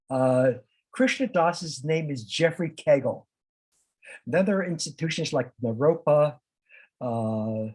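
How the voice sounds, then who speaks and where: Husky man leading a halting study talk. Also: mid-range voice, a little mellow, rough recording. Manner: halting, many uh and um fillers and restarts. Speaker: discussion leader. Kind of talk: informal talk to a study group.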